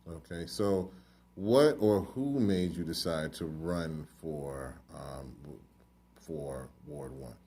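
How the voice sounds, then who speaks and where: A man's voice: rumbling low, slow pace, warm tone, breathy edge. A man hosting an interview, asking questions in a casual, conversational way. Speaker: interview host.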